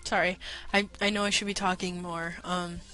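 A woman's voice: fairly low pitch, flat delivery, normal speed, bright, forceful tone. A woman giving casual gameplay commentary, chatting to herself and playfully telling off the game's enemies. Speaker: let's play gamer. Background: faint game music.

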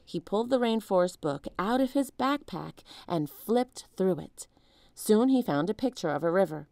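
A woman reads a children's chapter book aloud with expressive, storytelling delivery. Her tone is mellow and warm, her pitch rises and falls a lot, and the close mic keeps the sound dry. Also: normal speed, gravelly, dry recording. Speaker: storybook reader.

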